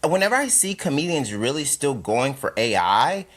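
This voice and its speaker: A man, a comedian guest, chatting casually on a podcast in a playful, animated way, slipping into mock voices. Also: medium pitch, moderate pace.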